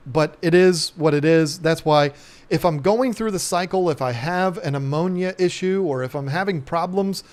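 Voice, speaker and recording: A middle-aged man hosting a casual live stream, rambling and joking with many ums and restarts. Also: a little high. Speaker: live stream host, aquarium shop owner.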